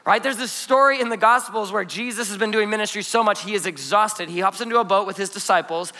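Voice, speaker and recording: A man in his thirties preaches with a high, bright, forceful voice, lively and playful, slipping jokes and asides into his stories. His words ring out with a long reverb that hangs in the church hall around him. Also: quick pace. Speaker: pastor. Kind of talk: energetic conversational sermon. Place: church auditorium.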